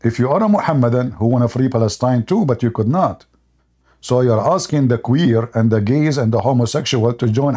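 Male debate host, husky and mellow, mocking tone, rambling storyteller who keeps chuckling. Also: medium pitch. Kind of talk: casual mocking monologue.

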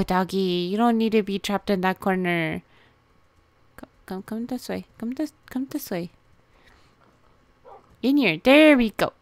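Young woman, gaming host, unhurried delivery, clean smooth tone, chatty and giggly. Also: mid-range voice, a bit bright, no echo. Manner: chatty, talks to game animals, giggles. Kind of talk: casual gameplay commentary.

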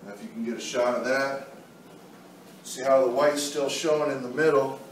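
A man's voice: medium pitch, steady tone, normal speed. A man walking through a painting demonstration step by step, in an easygoing way while he works. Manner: easygoing, talks while working. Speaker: art instructor. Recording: very echoey room, mic far off, faint noise.

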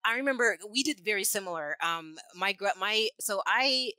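A woman co-hosting a casual chat, telling lively family stories and laughing often. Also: medium pitch, normal speed, clear, resonant tone, dry recording, low-quality recording. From New Mexico. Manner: animated storyteller, laughs often, acts out quoted voices. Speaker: podcast co-host.

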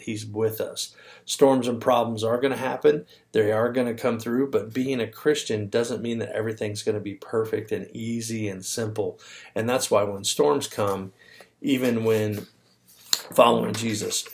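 Man, low-ish voice, children's ministry teacher, animated casual storytelling with fillers. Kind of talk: Bible lesson for young children.

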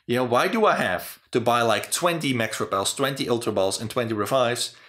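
A young man talks through game design in a loose, rambling chat, often cursing as his frustration builds. His voice sits at an ordinary middle pitch for a man. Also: lively intonation, brisk, a bit bright. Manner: rambling, profane, exasperated ranting. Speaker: host.

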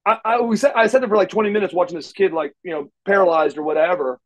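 Middle-aged male interview guest, a bit higher-pitched than most men, loose and profane, full of restarts. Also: quick pace, rough recording. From Oklahoma, USA. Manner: rambling, restarts often, salty language. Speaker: interview guest, former wrestler. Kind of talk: shoot interview storytelling.

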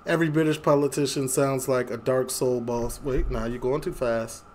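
A man's voice: mid-range voice, steady tone, normal speed, hardly any pauses, darkish tone. A young man from Chicago hosting a casual reaction video, chatting, laughing often and reading memes aloud. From Chicago, USA.

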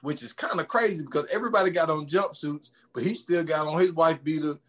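High-voiced man animatedly retelling a movie. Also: quick pace. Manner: animated storytelling, acts out scenes, laughs often. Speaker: podcast co-host. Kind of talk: casual movie recap chat.

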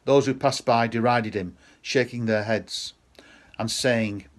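A man reading a Gospel passage aloud in a measured, solemn way. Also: mid-range voice, fairly even intonation. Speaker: scripture reader.

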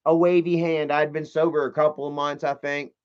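A man's voice: a little high, flat delivery, fairly quick, clean tone. A young man chatting on a livestream, rambling and swearing, full of "you know" fillers. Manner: rambling, profane, many fillers. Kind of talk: casual livestream chat. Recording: dull lo-fi stream audio.

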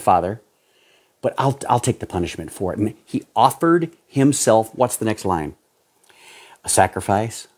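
A low-voiced man preaches with passion, his voice husky and a little rough at the edges. He swings from loud urging to quiet pleading as he exhorts his listeners. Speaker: pastor. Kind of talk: sermon.

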